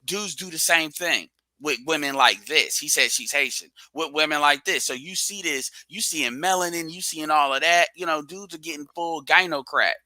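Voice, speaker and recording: A man with a fairly high, very bright and forceful voice, sharing blunt, slangy opinions in a casual reaction chat. The sound is dry and close, with no room around him. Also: normal speed, hardly any pauses, no room sound, rough recording.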